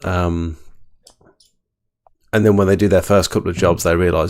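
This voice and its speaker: Man, very deep gravelly voice, podcast host, measured advice. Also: level tone. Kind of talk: casual live podcast chat.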